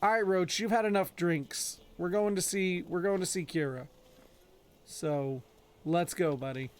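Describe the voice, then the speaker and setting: A man in his thirties chats casually while streaming a game, joking and scolding his in-game horse. His voice runs a bit higher than most men's. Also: measured pace. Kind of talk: casual gameplay commentary.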